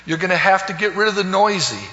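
A man preaching a sermon, swinging between soaring loud calls and hushed low phrases and repeating words. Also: expressive, fast talker. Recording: echoey hall, dull lo-fi sound.

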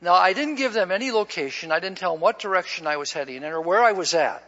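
High, bright-voiced preacher telling a story. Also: male voice, expressive, fast. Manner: folksy, repeats his words when starting a line. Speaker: pastor. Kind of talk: storytelling sermon. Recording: dull lo-fi recording in a reverberant hall.

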